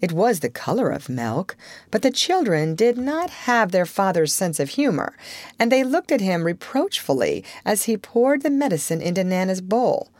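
A woman reading a classic children's book aloud in a lively, expressive storytelling manner. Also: mid-range voice, normal speed, no room sound.

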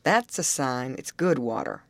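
A woman's voice: rumbling low, wildly swooping pitch, a little slow, creaky, no echo, exaggerated voice. Woman reading as a blunt male overseer. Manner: blunt, matter-of-fact warnings. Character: gruff middle-aged male plantation overseer. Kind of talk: audiobook character reading.

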